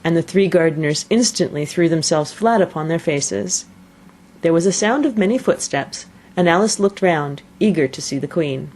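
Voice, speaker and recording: A woman narrating a classic children's story aloud in an expressive, measured reading. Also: fairly low pitch. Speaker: audiobook narrator.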